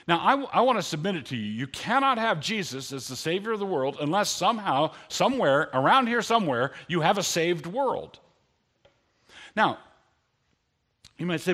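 A man's voice: fairly high pitch, sing-song, normal speed, a bit bright. A man preaching a sermon in an earnest, conversational way, lifting his voice on key lines.

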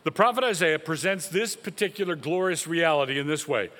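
A man's voice: fairly high pitch, lively intonation, brisk, pushed and bright, long reverb tail. A man preaching a sermon as a pastor, speaking emphatically and rising sharply when he quotes.

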